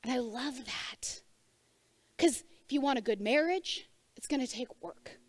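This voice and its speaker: High-voiced woman preaching slowly. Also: no room sound. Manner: conversational preaching, asks the room direct questions. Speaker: church speaker. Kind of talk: sermon. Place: church service before a congregation.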